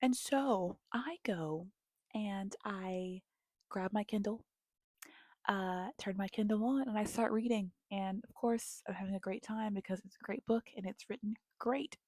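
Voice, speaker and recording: A young woman sits close to the mic in a dry, dead-sounding room, talking about books she loves. She takes her time, goes animated when the story grips her, and sometimes sinks into a hushed whisper. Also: mid-range voice, unhurried, no room sound. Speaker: book vlogger. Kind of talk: casual book recommendations.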